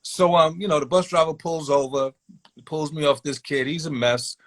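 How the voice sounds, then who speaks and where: Man telling a story, slightly high voice. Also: moderate pace. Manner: animated, acts out other voices in quotes. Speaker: guest telling a personal story. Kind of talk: casual storytelling.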